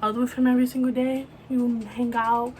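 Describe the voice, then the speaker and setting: Young woman, higher register, soft halting delivery with lots of fillers; personal vlog to camera, light background hiss. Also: little pitch movement. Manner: soft, halting, full of fillers like "you know". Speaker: vlogger. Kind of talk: emotional personal talk to camera.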